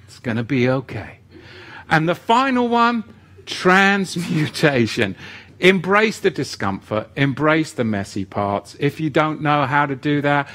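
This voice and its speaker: A man leads a live-streamed teaching session and reads his viewers' chat aloud. His voice is bright and pushes forward, and he talks at an unhurried pace. He greets people by name and drops in playful asides. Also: medium pitch. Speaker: livestream teacher.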